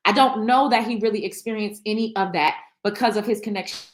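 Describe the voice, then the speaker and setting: A woman's voice: mid-range voice, fairly quick. A woman hosting her own show, talking candidly to camera in an emotional, blunt way, swearing freely and rambling with restarts. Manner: rambling, many restarts and fillers. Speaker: show host. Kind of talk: candid reaction vlog.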